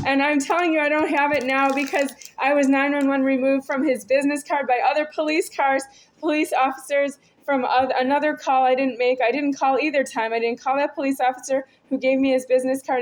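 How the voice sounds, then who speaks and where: A woman's voice: high-pitched, level tone, a little fast, low-quality recording. A woman talking in a rambling, disjointed monologue, repeating herself and stumbling through restarts.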